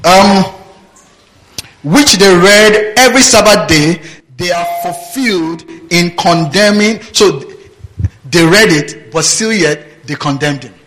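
Slow-speaking, higher-voiced male preacher. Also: fairly bright tone, rough recording. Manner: reads scripture aloud and prompts the congregation with "what?"; laughs often, mimics voices, rhetorical questions. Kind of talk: sermon, Bible teaching.

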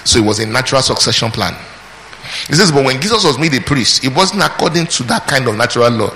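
Male preacher, bright tone, teaching verse by verse, quizzing his flock, church-hall reverb. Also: mid-range voice, expressive, quick pace, a little hiss or hum. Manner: questioning the congregation, call and response. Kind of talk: sermon, verse-by-verse Bible teaching. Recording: hall reverb, faint ambience.

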